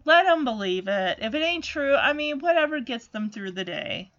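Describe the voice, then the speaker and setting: A woman casually recapping a cartoon in an animated, chatty way. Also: high voice, normal speed, muffled recording. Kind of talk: casual chat.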